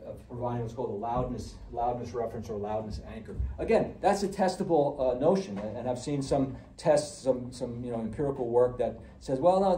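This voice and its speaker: A man giving a conversational audiology lecture, full of fillers and restarts, who gets animated when he acts out patients. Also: mid-range voice, roomy sound, far from the mic, a little hiss or hum, rough recording. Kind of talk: recorded classroom lecture.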